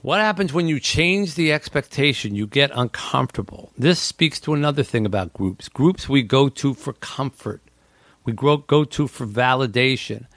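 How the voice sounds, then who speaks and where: A male host in a relaxed conversation, explaining a point at length and slipping into voices to quote people. His voice sits at a middle pitch and sounds dry and close. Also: normal speed, dry recording. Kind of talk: casual podcast chat.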